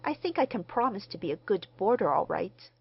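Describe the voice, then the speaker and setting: A woman reading the part of a mild, courteous gentleman stranger who speaks formally. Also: mid-range voice, very animated, fairly quick, creaky, slightly rough, highs cut off, heavily acted. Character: mild, polite middle-aged gentleman stranger.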